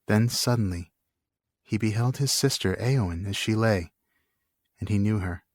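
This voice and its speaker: Guy co-hosting a book podcast, lowish voice, dry close sound, steady storyteller. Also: dry recording. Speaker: podcast co-host. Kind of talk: reading a book passage aloud and casual chat.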